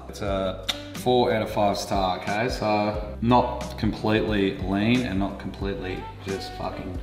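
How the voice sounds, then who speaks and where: A man's voice: lowish voice, fairly even intonation, measured pace, echoey room, music in the background. An Australian man hosting a casual cooking vlog, talking in a laid-back, crude way and swearing freely. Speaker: cooking show host. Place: home kitchen.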